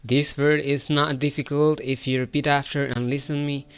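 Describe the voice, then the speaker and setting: A man's voice: mid-range voice, flat delivery, smooth, no echo, faint music behind. A man from Pakistan with a Pakistani accent, teaching English pronunciation and stretching out model words for the listener to repeat. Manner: drawn-out model words for repetition. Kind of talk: pronunciation lesson with repeat-after drills.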